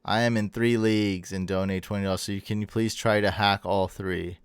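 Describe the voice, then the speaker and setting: A man's voice: on the low side, fairly even intonation, fairly quick, smooth, dry recording. Chatty man hosting a late-night livestream. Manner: chatty, rambling, thanks viewers and stumbles over names. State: tired. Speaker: livestream host. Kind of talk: casual livestream chat reading viewer comments. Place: home room.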